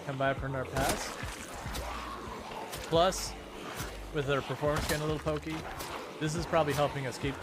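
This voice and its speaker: A man's voice: on the high side, fairly even intonation, brisk, pauses often, heavy background noise. A man chatting casually while streaming a farming game, rambling, joking and laughing often. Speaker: gaming streamer. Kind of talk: casual gameplay commentary.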